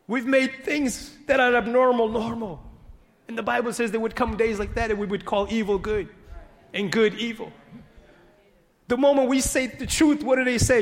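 A man preaching a sermon as pastor, swinging from loud exhortation to hushed, earnest pleading. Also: extremely high pitch, steady tone, moderate pace, long reverb tail. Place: church sanctuary.

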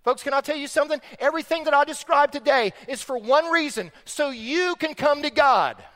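A man with a very high voice preaches a sermon in a large church sanctuary, with a long reverb behind him. He swings from hushed, low passages to loud, emphatic peaks. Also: brisk. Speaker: pastor.

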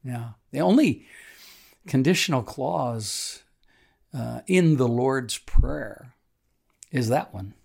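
A man, a pastor giving a daily devotional, reading scripture and reflecting earnestly with soft asides. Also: mid-range voice, expressive, slow, vocal fry, long pauses, breathy edge. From Nashville, Tennessee.

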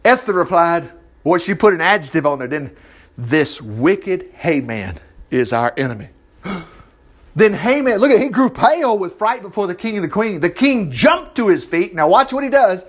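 Lively animated male preacher. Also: high-pitched, normal speed. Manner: animated storytelling with asides and laughter. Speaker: pastor. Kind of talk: sermon, reading and retelling scripture.

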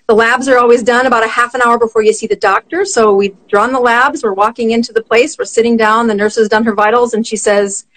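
A middle-aged woman, a physician guest, telling a personal story in conversation, animated and quick to laugh. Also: a little high, low-quality recording.

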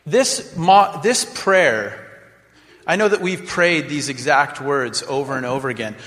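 A man preaches with a dramatic flair, slipping into mock prayers to make his point. His voice sits a little high for a man. The sound carries a long reverb, as in a large church sanctuary. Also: unhurried, fairly bright tone. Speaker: pastor. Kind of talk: sermon.

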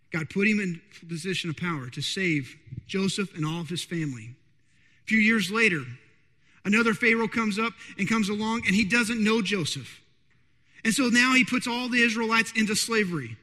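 A man preaching a sermon to a congregation. He keeps asking them if they are ready, and he moves between hushed, drawn-out lines and louder bursts. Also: high voice. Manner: keeps checking in with the congregation with quick questions. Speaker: pastor. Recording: long reverb of a large hall.

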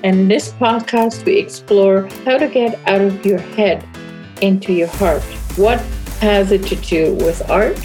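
A woman's voice: medium pitch, unhurried, music in the background, rough recording. A woman hosting a podcast, introducing her guest and asking questions with enthusiasm. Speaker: podcast host.

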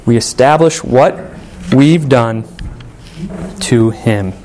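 A man preaching a sermon, earnest and emphatic, with dramatic pauses on key words. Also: medium pitch, a little mellow, a little hiss or hum.

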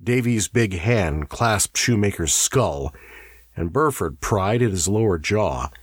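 A man reading a story aloud in a measured, expressive way. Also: lowish voice, husky, dry recording, studio quality. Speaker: narrator. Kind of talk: audiobook narration.

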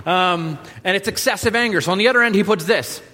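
Man, pastor, casual sermon, fairly high voice, long hall reverb. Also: quick pace, bright, forceful tone. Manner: casual, joking, many fillers and restarts.

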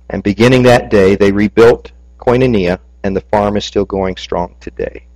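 A man, a pastor, preaching a sermon, telling a story and ending in soft, earnest prayer. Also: fairly low pitch, fairly even intonation, normal speed, few pauses, poor audio.

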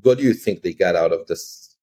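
A male podcast host with a low, slightly husky voice asks his guest a relaxed closing question. He talks in a loose, conversational way, filling the gaps with quick affirmations. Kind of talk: interview questions.

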